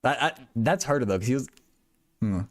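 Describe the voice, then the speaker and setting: With a mid-range voice, lively intonation, and normal speed, a young man talks casually with his livestream viewers about a physics problem; his streams focus on solving math and physics. He tends to ramble, giggle, laugh at his own expense, and stammer by repeating words.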